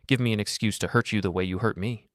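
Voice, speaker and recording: Man reading a taunting young ex-con, low voice, dry sound, storybook. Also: steady tone, fast talker, fairly bright tone, no echo, lightly acted. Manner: taunting, menacing. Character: bitter ex-con son-in-law, young man, vengeful. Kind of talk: storybook narration.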